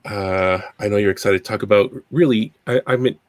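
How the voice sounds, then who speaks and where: Man from Canada, podcast host, fairly low voice, dry close sound, rambling and chatty, getting over a cold. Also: fairly quick, no room sound. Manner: rambling, chatty, self-deprecating. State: recovering from a cold. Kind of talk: casual podcast chat.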